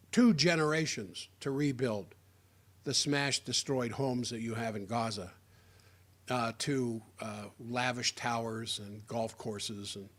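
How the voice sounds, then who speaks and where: A man giving a sarcastic, rambling political opinion monologue, often restarting his sentences. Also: mid-range voice. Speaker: political commentator.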